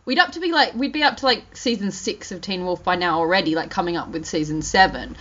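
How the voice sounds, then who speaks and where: A woman co-hosting a casual chat, talking in an animated way with many fillers and restarts. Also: fairly low pitch, fast talker. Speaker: podcast co-host. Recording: dull lo-fi audio.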